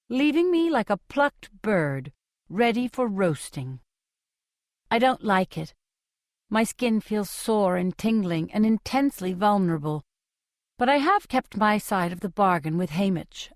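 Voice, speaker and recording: A young adult woman reading a novel aloud in measured, clearly separated sentences. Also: mid-range voice, no room sound, clean studio sound. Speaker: audiobook reader. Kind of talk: scripted audiobook narration.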